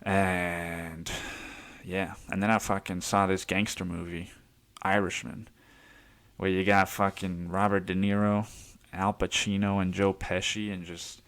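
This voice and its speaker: A man's voice: deep voice, little pitch movement, measured pace, a bit bright. A man hosting a podcast, telling a rambling story in a casual chat style, laughing often and swearing freely. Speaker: podcast host.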